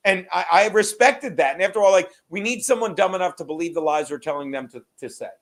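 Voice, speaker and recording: Man, high-pitched voice, crude joking podcast chat, rambling. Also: lively intonation, brisk, vocal fry, few pauses, a bit bright. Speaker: podcast co-host.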